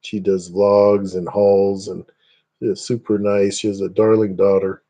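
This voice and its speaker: A man's voice: lowish voice, flat delivery, a little slow, mellow, muffled recording. A man from Indiana hosting a casual livestream, rambling chattily and greeting viewers by name. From Northeast Indiana, USA. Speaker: livestream host.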